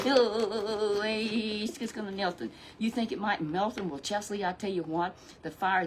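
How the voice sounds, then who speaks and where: Female storyteller for a children's Bible tale. Folksy, repetitive, chats to a puppet. Faint background noise. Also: mid-range voice. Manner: chatty and repetitive, with asides to a puppet.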